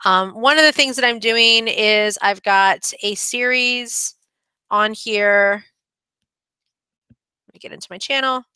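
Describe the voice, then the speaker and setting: Chatty woman with a bright, clear voice. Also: a little high, takes it slowly, pauses often, no room sound. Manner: chatty, many fillers and restarts. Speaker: web design channel host. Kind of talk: casual screen-share update.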